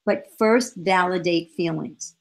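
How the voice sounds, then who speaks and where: A middle-aged woman answering interview questions as a parenting expert, lively and acting out short exchanges with her children. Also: lowish voice, slow. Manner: animated, acts out dialogue with her kids.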